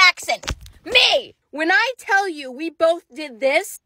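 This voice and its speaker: A young woman telling a funny story about herself in an animated, dramatic way, with emphatic outbursts. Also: very high voice, unhurried. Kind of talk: comedic storytime monologue.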